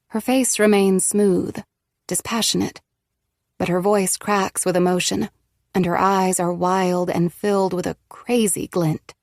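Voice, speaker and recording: A woman narrating a first-person audiobook in a steady, measured way. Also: fairly low pitch, no room sound, clean studio sound.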